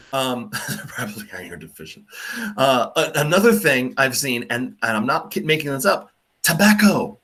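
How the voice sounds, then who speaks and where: A young male teacher lecturing in a loose, joking way. His pitch leaps around as he mocks ideas, and he stumbles through fillers and restarts. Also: normal speed. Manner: animated, mocking, lots of fillers. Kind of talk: classroom lecture.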